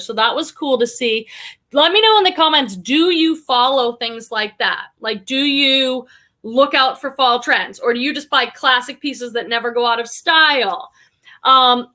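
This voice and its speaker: A woman's voice: high-pitched, sharp tone. A middle-aged woman from the United States hosting a casual live stream, chatting upbeat and reading viewer comments aloud.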